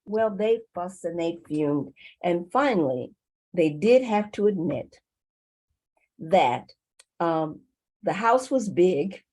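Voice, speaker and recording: Woman storyteller, slow easy pace, pitch swoops a lot, folksy tale. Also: rough recording. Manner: lively, unhurried, with pauses. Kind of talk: storytelling to a community group.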